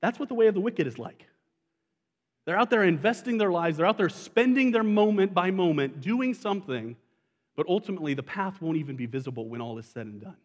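A man's voice: high-pitched, expressive, brisk. Man preaching a sermon in an echoing hall. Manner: conversational preaching, asks the congregation questions. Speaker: pastor.

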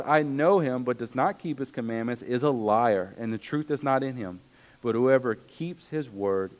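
A man's voice: medium pitch, rough recording. Conversational man preaching a sermon. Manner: earnest, conversational preaching with asides. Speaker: pastor.

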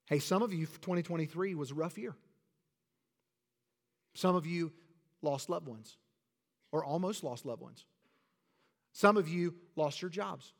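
A man preaching a sermon as pastor of his church, swinging between loud bursts and soft, quiet drops. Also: on the high side. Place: church sanctuary. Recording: long reverb of a large hall.

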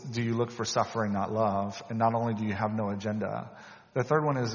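A man's voice: mid-range voice, fairly bright tone. Man preaching with storytelling in a reverberant church. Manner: conversational, acts out quoted dialogue, self-deprecating. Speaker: pastor. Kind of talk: sermon storytelling. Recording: dull lo-fi audio with long hall reverb.

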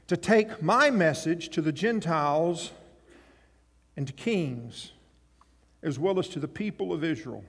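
A man preaching a sermon as pastor, animated, acting out voices from scripture and swinging between loud and soft. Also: fairly high pitch, measured pace, long reverb tail. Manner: animated, acts out voices in scripture, rises and drops in volume.

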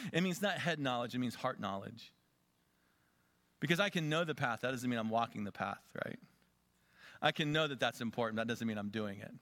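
A man preaching a sermon as a pastor, swinging between loud urging and quiet asides. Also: medium pitch, no echo.

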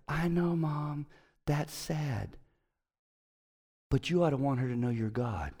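A middle-aged pastor delivering a sermon in a fairly high voice for a man. He talks to his congregation conversationally, pushing hard on key words and then dropping to a hush. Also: animated, takes it slowly, long pauses. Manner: conversational, emphatic, swings between loud and quiet.

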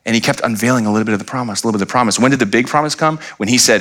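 A man's voice: medium pitch, rapid-fire, a bit bright. A middle-aged man preaching a sermon as pastor, emphatic and full of rhetorical questions, sometimes acting out voices.

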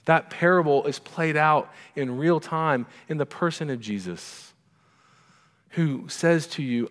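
Here a middle-aged pastor whose voice runs on the high side delivers his sermon casually, like a conversation, tossing frequent quick asides to the congregation. The church sanctuary gives the recording a long hall reverb.

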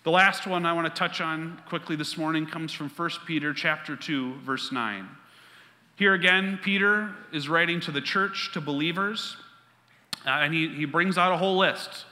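Male pastor, emphatic sermon, fairly high voice, long hall reverb. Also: bright, forceful tone. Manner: emphatic preaching, repeats key lines, quick asides.

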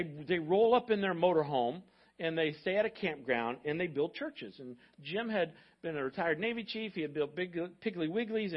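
Pastor with a raised, lo-fi voice. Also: male voice, a little high. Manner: conversational, joking asides to the congregation. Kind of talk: storytelling sermon. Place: church sanctuary.

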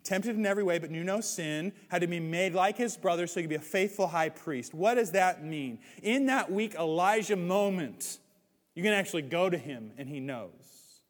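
A man preaching a sermon as pastor, animated, swinging between loud, excited stretches and hushed ones. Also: high voice, moderate pace. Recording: hall reverb.

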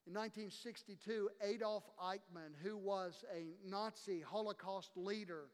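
A pastor gives a sermon with impassioned emphasis, his voice sitting very high for a man. He acts out the people he quotes, and his words ring through a long, reverberant church hall. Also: fairly even intonation, a little slow, clear, resonant tone.

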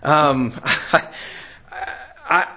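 A man's voice: fairly high pitch, extremely slow, sharp tone, muffled recording, a little hiss or hum. A middle-aged man preaching a sermon in an earnest way, laughing often and repeating words as he searches for them. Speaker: pastor.

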